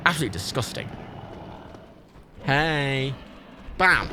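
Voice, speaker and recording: Lively man chatting while gaming. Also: medium pitch, normal speed, background noise. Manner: rambling, swearing, laughing storyteller. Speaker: livestream gamer. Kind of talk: casual gaming stream chat.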